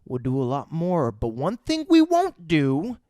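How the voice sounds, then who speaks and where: A calm, menacing male crime boss, voiced by a man quoting him, speaks in a slow, measured way. The voice sits a touch high and is recorded close and dry. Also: dry recording. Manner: slow, measured, drawn-out delivery.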